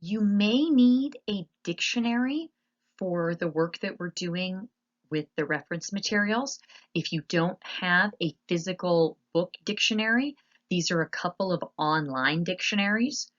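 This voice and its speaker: A woman teacher narrating a slide lesson, explaining patiently and spelling words out slowly. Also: fairly low pitch, muffled recording.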